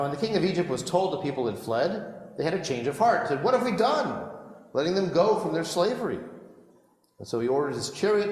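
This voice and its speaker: A man speaking to a congregation, retelling scripture with wry, sarcastic asides. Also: mid-range voice. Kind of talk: sermon-style scripture talk. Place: congregation hall. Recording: echoey hall reverb.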